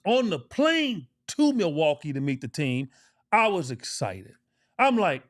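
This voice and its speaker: A man's voice: sits high, big pitch swings, measured pace, a bit bright. A middle-aged man, a former pro basketball player co-hosting a podcast, telling a story casually and emphatically, repeating phrases for emphasis and swearing.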